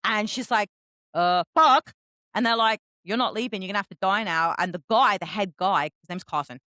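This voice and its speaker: A woman co-hosting a book podcast in casual chat, who swears freely and acts out quotes with big jumps in pitch. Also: fairly quick, pushed and bright, dry recording. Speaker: podcast co-host.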